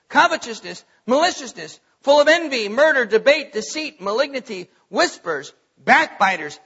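A man's voice: very high voice, sharp tone, slightly rough, highs cut off. A man preaching a sermon as pastor, reading scripture aloud with bursts of emphasis.

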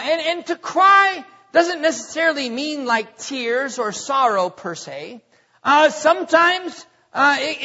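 A man preaching a sermon as pastor, asking the congregation questions and drawing out key words slowly. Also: very high-pitched, sharp tone. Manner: preaching with call-and-response questions. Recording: dull lo-fi audio with long reverb.

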